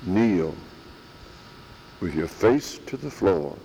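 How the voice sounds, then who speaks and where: A man delivers a sermon in a slow, deliberate way, his pitch swinging widely as he leans on key words. He repeats phrases for emphasis. His voice carries a long reverb from a church hall, with faint background noise. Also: very animated, warm tone. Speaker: preacher.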